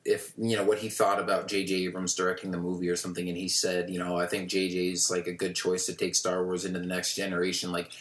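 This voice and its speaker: A man co-hosts a fan podcast, talking casually and rambling with fillers. His voice sits very low. The room lends it a roomy echo. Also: completely flat delivery, fast, few pauses, fairly bright tone. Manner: rambling, many fillers and restarts. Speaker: podcast co-host.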